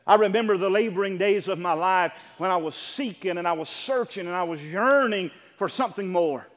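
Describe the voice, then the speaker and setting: A man preaching a sermon, swinging between quiet explanations and loud, emphatic repeated phrases. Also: high voice, brisk, hardly any pauses. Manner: rising to loud emphatic repetition; drops to quiet explaining asides. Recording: long reverb of a large hall.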